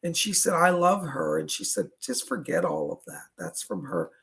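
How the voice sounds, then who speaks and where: A man working as a psychic medium, giving live readings online and passing on messages. He often breaks off with "hold on" and sometimes coughs or clears his throat between readings. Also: on the high side, wildly swooping pitch, normal speed, fairly bright tone.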